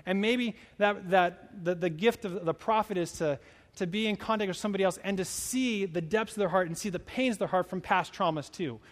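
A man preaching a sermon in a relaxed, conversational way, telling stories and acting out the people in them. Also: high-pitched, brisk. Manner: conversational, animated storytelling with quoted voices. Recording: long hall reverb.

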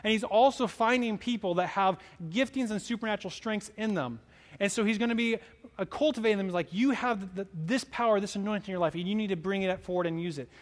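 A man preaching a sermon in a relaxed, conversational way, telling stories and acting out the people in them. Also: sits high, quick pace. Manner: conversational, animated storytelling with quoted voices. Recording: long hall reverb.

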